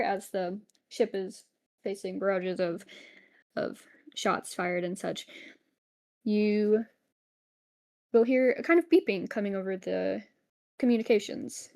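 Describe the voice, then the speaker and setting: Slow-talking woman game master. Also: mid-range voice. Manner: relaxed, with frequent fillers and laughs. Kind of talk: narrating a tabletop game.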